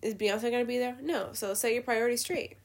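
A woman hosting a show, giving blunt, profane opinions in a casual, animated rant. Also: fairly high pitch, fairly quick. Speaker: podcast host.

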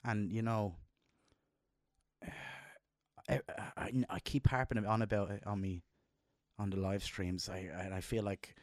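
A man's voice: steady tone, unhurried, long pauses, dry recording, studio quality. A middle-aged man co-hosting a podcast, talking in a heartfelt, emotional way about his kids. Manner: emotional, heartfelt, jumps up in pitch when quoting himself. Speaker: podcast co-host. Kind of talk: casual chat.

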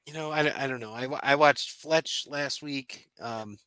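Bright, laughing podcast co-host, a man. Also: medium pitch, a little slow, no echo. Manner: laughing, profane, rambling with restarts. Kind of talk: casual chat.

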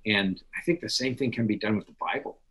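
Guy guesting on a podcast, tells stories with lots of energy, lowish voice. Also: quick pace, poor audio. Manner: storytelling, animated, knowledgeable. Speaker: podcast guest, literature scholar. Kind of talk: conversational interview.

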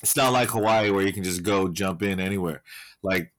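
A man with a fairly low voice tells loose, profanity-laced stories in casual chat. He rambles and leans on fillers. The sound is dry and close, with no room echo. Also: fairly quick, fairly bright tone.

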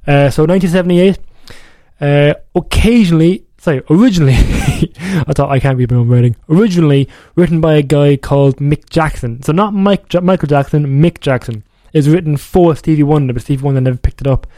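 A man's voice: on the high side, brisk, mellow, no echo. A young man hosting a music radio show, chatting casually in a rambling way and often correcting himself. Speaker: radio DJ host.

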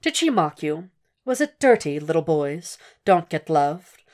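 A woman voicing a calm, cold, cultured male doctor who speaks in a soft, measured, quietly mocking way. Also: sits low. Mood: taunting.

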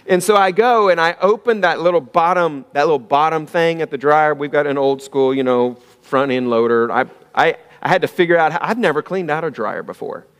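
Storytelling pastor in a reverberant hall. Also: male voice, a little high, a little fast, few pauses, clear, resonant tone. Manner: storytelling, swings between loud and hushed. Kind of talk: sermon. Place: church sanctuary.

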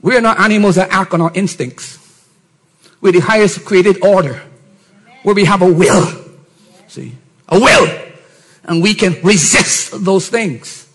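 A middle-aged man, a pastor, preaching a sermon and often rising to shouted emphasis with mocking put-on voices. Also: high voice, measured pace, long pauses, slightly rough, poor audio.

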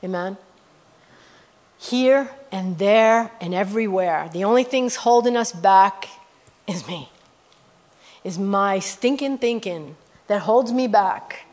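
A middle-aged woman guest preacher telling testimony stories in a sermon, animated and rising to loud exclamations. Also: mid-range voice, takes it slowly, pauses often.

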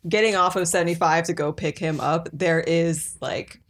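A woman's voice: on the low side, steady tone, moderate pace. A woman in casual chat, telling a profane story with a lot of laughter.

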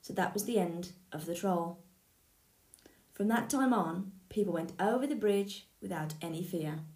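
A woman teacher reading a children's story aloud, clear and lively. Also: lowish voice, a little slow, reverberant.

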